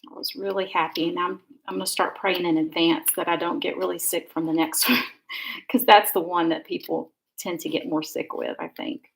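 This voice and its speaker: Middle-aged woman, lowish gravelly voice, chatty rambling craft-demo host. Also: steady tone, normal speed, poor audio. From Georgia, USA. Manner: chatty, rambling, warm asides. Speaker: card-making crafter. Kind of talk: casual live-stream crafting demo.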